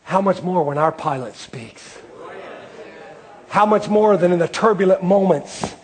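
A man's voice: high voice, lively intonation, a little slow. A male preacher delivering a sermon in a rhythmic cadence with repeated phrases.

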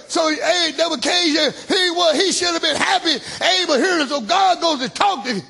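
High, gravelly shouting male preacher. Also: moderate pace, few pauses. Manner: shouting, call-and-response hallelujahs; colloquial, folksy speech. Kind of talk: sermon.

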